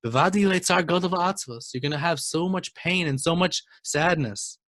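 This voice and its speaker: A man teaching a Torah lesson and telling a story, speaking emphatically and building to excited exclamations. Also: on the high side, normal speed, no room sound, studio quality.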